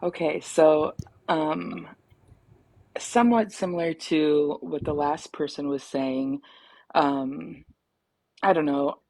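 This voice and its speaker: Slow, low-voiced woman in her thirties. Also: gravelly, a little mellow. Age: 30s. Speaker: caller. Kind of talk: casual storytelling.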